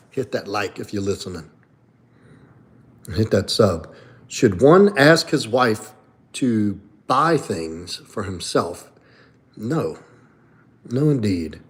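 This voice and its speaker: A livestream host and coach answers viewer questions from chat in a blunt, profane, opinionated way. His lowish voice is animated and moves at a measured pace in this casual livestream chat.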